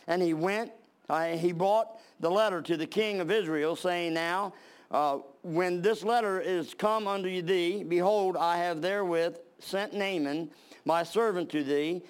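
A man's voice: sits high, measured pace, clear, resonant tone. A man preaching a sermon, reading scripture aloud and then explaining it in plain talk with fillers and restarts.

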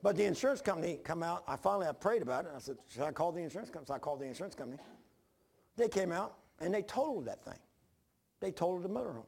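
Preacher, man, gravelly and husky, rambling self-mocking storyteller. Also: sits high, expressive, rapid-fire, darkish tone. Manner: rambling, self-deprecating, restarts often. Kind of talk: informal storytelling sermon.

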